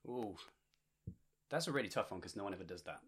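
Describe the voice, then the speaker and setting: Brief: young West Country English man, very low voice, relaxed chatty guest. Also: fast talker, slightly rough. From England. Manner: relaxed, chatty, laughs often. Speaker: podcast guest. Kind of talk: casual interview chat.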